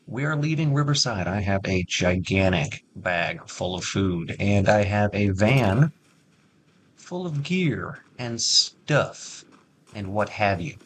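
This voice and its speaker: Talking straight to his viewers over background music, this streamer offers relaxed commentary on his gameplay, sprinkled with jokes. His lowish voice is animated but slow-paced, in a low-quality recording with a bit of hiss or hum.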